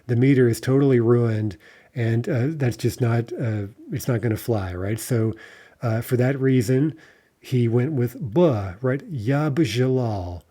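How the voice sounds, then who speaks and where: A man talks through a video lesson in a mellow, middle-pitched voice. He explains step by step, peppering his talk with "uh" and checking in with "right?". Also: unhurried. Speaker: language teacher.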